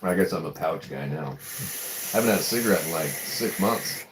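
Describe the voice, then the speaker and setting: A man's voice: low voice, animated, fairly quick, echoey room, background noise. A man hosting a livestream, telling rambling stories in casual chat, swearing and acting out voices. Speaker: livestream host.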